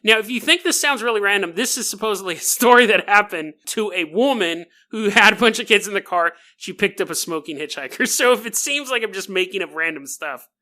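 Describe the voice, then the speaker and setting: A man's voice: high-pitched, expressive, brisk, hardly any pauses, bright, forceful tone. A man hosting a podcast, telling a paranormal story with jokey, laughing asides aimed right at the listener. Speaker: podcast host.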